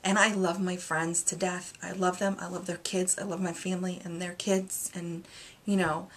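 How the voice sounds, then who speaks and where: A woman in her thirties, a single mom, talking candidly in a confessional vlog, rambling and hesitant, with many pauses and fillers. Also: lowish voice, little pitch movement. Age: 30s. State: emotional, near tears at moments. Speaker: vlogger.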